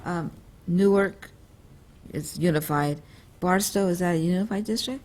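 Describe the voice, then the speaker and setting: A man's voice: sits high, unhurried, darkish tone. A man on a school board asking questions, curious and thinking aloud. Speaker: board member. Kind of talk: questions at a meeting. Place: school board meeting room.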